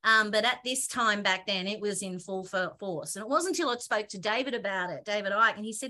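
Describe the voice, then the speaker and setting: Animated woman, bright voice. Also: mid-range voice, brisk. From Australia. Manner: animated, excitable, breaks off and restarts often. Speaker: guest. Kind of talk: conversational interview storytelling.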